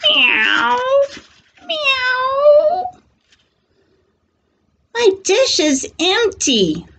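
Hungry storybook farm cat, squeaky and plaintive, read by a woman. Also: wildly swooping pitch, very slow, bright, forceful tone, exaggerated voice. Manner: high mewing plaintive voice.

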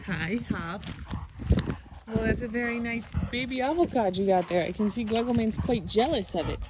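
A woman's voice: fairly high pitch, moderate pace. A woman vlogger talking fondly to her animals, teasing and scolding them. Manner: fond scolding pet talk. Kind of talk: talking to pets. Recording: noisy background.

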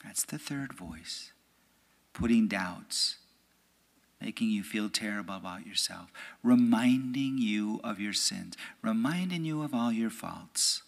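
A priest, an American man, giving a conversational homily in church. He keeps checking in with "right?" and sometimes drops to a hushed, near-whispered voice. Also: on the low side, animated, unhurried, gravelly. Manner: conversational, often asks "right?". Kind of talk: homily at a prayer meeting.

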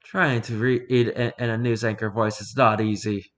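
A man's voice: lowish voice, flat delivery, moderate pace, a bit bright. A man, a video game YouTuber, talking casually to his viewers as he wraps up a let's-play session.

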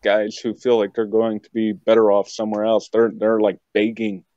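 A young man from West Virginia chats as a podcast guest, rambling and cracking jokes. His voice sits low and the sound is muffled and lo-fi. The recording is dry, with no room echo. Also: normal speed. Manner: joking, rambling, animated asides. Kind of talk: casual chat.

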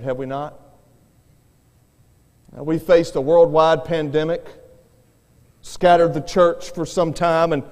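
A man's voice: on the high side, darkish tone. A man preaching a revival sermon as an evangelist, earnest and given to repeating words as he starts his phrases. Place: church sanctuary. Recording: long church reverb.

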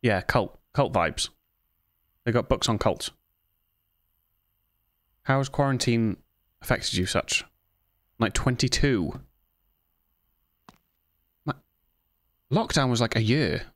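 A man's voice: mid-range voice, expressive, slow, pauses often, fairly bright tone, rough recording. A young man giving jumpy, self-mocking commentary while playing horror games, with sudden yelps. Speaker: gaming video host.

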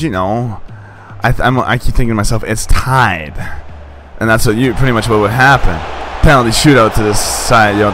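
A young man casually commenting on his own gameplay, excitable and rambling, swearing and laughing often. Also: fairly low pitch, slight background noise.

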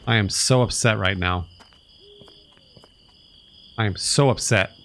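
A man's voice: lowish voice, slow pace, a bit bright. A man streaming a video game live, ranting with exasperated sarcasm over his gameplay. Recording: game noise and sirens behind voice.

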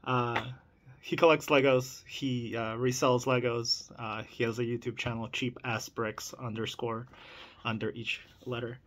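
A young man in an excited, stammering toy unboxing vlog, laughing often and catching his breath. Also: medium pitch, measured pace, a little hiss or hum. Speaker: toy collector vlogger. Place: room in a house.

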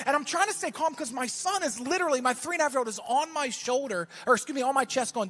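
A man preaching a sermon as pastor, telling a story and then building to shouted exhortation in a church. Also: very high-pitched, quick pace, hardly any pauses.

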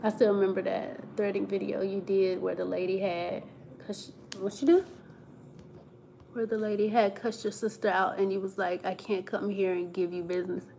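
A woman's voice: mid-range voice, little pitch movement, normal speed, creaky, mellow, slight background noise. A woman, chatting casually on a live stream, reading comments and laughing often. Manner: chatty, laughs often, Southern slang like "child" and "y'all".

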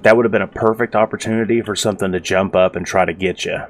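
A man giving casual, profane let's-play commentary with a rough-sounding voice, rambling and sarcastic. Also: deep voice, fairly even intonation, fast talker. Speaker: gaming video host.

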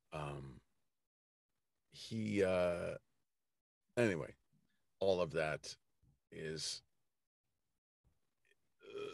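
A middle-aged man, an audiobook narrator, telling stories in a casual interview with many pauses and fillers. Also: low-pitched, a little mellow, no echo, clean studio sound. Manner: unhurried storytelling with many fillers and restarts. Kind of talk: casual anecdotal conversation.

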